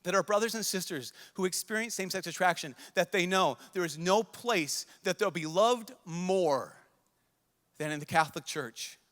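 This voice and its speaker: In a large conference hall with long reverb, a young priest preaches an emotional, pleading sermon to a big crowd at a youth conference. His voice sits high and is fairly bright, moving at a moderate pace, and he repeats himself as he speaks earnestly.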